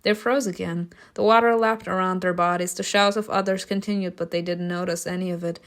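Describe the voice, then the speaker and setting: A woman reading a story game's narration aloud, breaking off for loud, laughing reactions and casual swearing. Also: fairly low pitch, steady tone, brisk. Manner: reads narration evenly, bursts into loud laughing outbursts. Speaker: streamer reacting to a story game.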